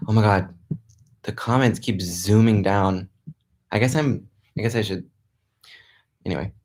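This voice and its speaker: A man's voice: lowish voice, a little slow, darkish tone. A young man chatting loosely through a live stream from a friend's house, filling his talk with "like" and stopping to restart his sentences. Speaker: livestreaming vlogger. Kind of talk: casual live-stream chat reading comments.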